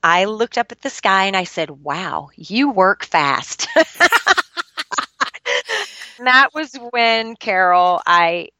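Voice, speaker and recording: A middle-aged woman guest with a bright, forceful voice speaks candidly about her life, earnest and confessional. Her voice sits close to the microphone in a dry, dead room. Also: mid-range voice, slow, pauses often, clean tone, no room sound, highs cut off. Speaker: podcast guest. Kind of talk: candid personal storytelling.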